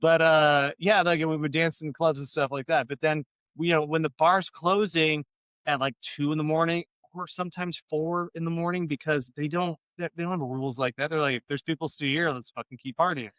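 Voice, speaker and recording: A man's voice: on the high side, steady tone, normal speed, a bit bright, smooth, no room sound. A man co-hosting a podcast, telling long profane stories in a loose, rambling way. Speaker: podcast co-host. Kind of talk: casual podcast chat.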